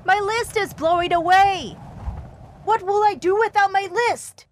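A woman voicing a fussy, anxious little male toad from a storybook, with frantic high-pitched outbursts. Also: a little slow. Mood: panicked.

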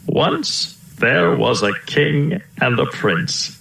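A man voicing a gentle, kindly old male elephant who tells slow stories, in a roomy-sounding recording. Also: medium pitch, animated, gravelly, exaggerated voice. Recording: roomy echo.

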